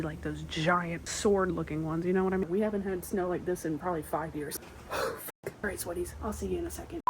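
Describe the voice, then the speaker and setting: A woman's voice: mid-range voice, darkish tone, a little hiss or hum. A young woman casually recapping a TV series to her viewers, rambling, laughing often and swearing freely.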